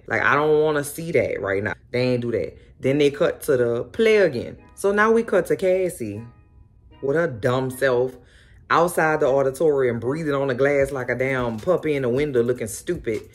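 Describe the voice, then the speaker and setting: A woman hosting a casual recap of a TV episode, telling it in a sassy, animated way full of exclamations. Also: extremely low pitch, moderate pace, soft background music. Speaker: host.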